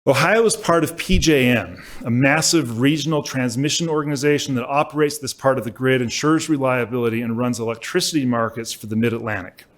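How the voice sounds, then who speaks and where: Man delivering a measured lecture. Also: mid-range voice. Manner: measured, emphatic delivery with occasional self-corrections. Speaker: law professor giving a lecture. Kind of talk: prepared lecture speech. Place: lecture hall at a symposium.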